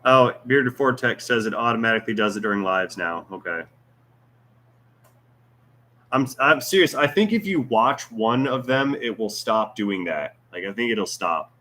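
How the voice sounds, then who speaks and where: A man's voice: fairly low pitch, animated, normal speed, few pauses, sharp tone. A man hosting a casual livestream Q&A, reading viewer comments aloud with jokes, teasing and rambling asides. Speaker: YouTube channel host.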